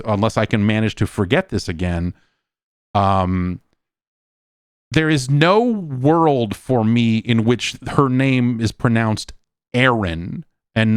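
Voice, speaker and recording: A man's voice: lowish voice, dry recording, studio quality. A middle-aged man hosting a solo podcast, rambling and exasperated, swearing often and restarting sentences. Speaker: podcast host. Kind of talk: casual solo podcast rant.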